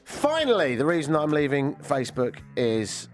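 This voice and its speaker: A man's voice: a little high, huge pitch swings, moderate pace, faint music behind. A man hosting a radio show in casual chat, dry and self-mocking in manner.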